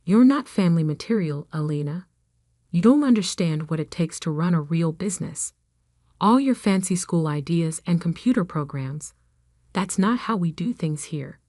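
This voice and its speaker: Brief: domineering arrogant uncle, cold and dismissive, low dry read by a woman narrator. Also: expressive, moderate pace, mellow, dry recording. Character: arrogant domineering middle-aged uncle, company boss.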